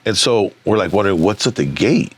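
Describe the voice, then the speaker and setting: A middle-aged man with a fairly low voice tells stories in a loose, casual way. He swears freely and stumbles over repeated words. He acts out what other people said as he goes. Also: animated, fairly quick, husky. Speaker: magazine founder, interview guest. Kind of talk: casual storytelling.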